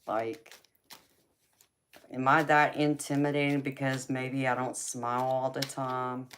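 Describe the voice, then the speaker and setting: Southern woman host, deep low voice, unhurried drawl, casual stream chat. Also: level tone, a bit bright, a little hiss or hum. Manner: drawling, slow, reads viewer comments aloud. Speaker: livestream host. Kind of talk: casual chat with live viewers.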